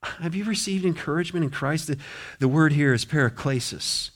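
A middle-aged man preaching a sermon as pastor, impassioned, swinging between loud appeals and quiet, low asides. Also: brisk. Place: church sanctuary.

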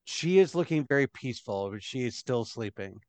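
A man's voice: medium pitch, animated, a little fast, darkish tone, dry recording. A man running a tabletop game as game master, narrating in a rambling way with lots of fillers.

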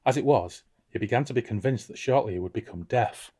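A husky, medium-pitched man talking fairly quickly co-hosts a book podcast, where he discusses a novel casually. When reading passages aloud he's expressive, going higher for the characters' dialogue.

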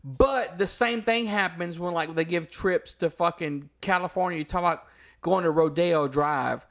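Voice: medium pitch, normal speed, fairly bright tone. Blunt, swearing podcast voice. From Louisiana. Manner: blunt, swears freely, rambling storyteller. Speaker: podcast co-host. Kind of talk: casual chat.

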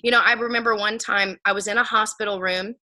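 A woman's voice: mid-range voice, fairly even intonation, fast talker, low-quality recording. A woman who works as a medium, telling a personal story earnestly in casual conversation. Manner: earnest, drops to a hushed voice when telling intimate moments.

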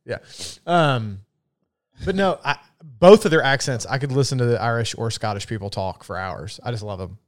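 Southern man, podcast co-host, relaxed and profane, laughs easily, mid-pitched voice. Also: normal speed. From American South. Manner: laid-back, swears freely, laughs often. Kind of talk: casual chat.

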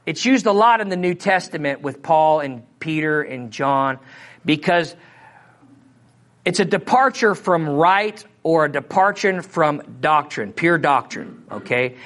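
A man's voice: on the high side, animated, unhurried, fairly bright tone. Missouri man teaching from the Bible. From Missouri, USA. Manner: conversational, asks the audience questions. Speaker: preacher.

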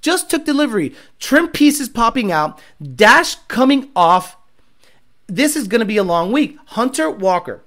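A man's voice: extremely high pitch, very animated, measured pace, a bit bright. A man who owns a car tuning shop, ranting bluntly and with profanity while hosting a live show. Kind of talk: casual ranting livestream.

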